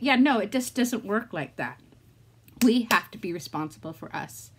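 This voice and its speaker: A woman's voice: mid-range voice, lively intonation, moderate pace, husky. A middle-aged woman talking candidly to her vlog audience, rambling and talking herself through a hard day while near tears. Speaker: vlogger. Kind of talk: casual vlog talk.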